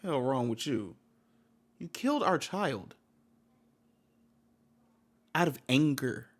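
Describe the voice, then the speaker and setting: A man's voice: mid-range voice, very animated, slow pace. A man giving heated reaction commentary on a video, blunt and slangy, swearing and repeating himself.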